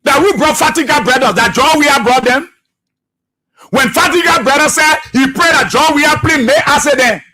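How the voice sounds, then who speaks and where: A man's voice: very high-pitched, bright, forceful tone. A man with a Liberian English accent hosting a political talk radio show, firing accusing rhetorical questions with mounting fervor. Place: radio studio.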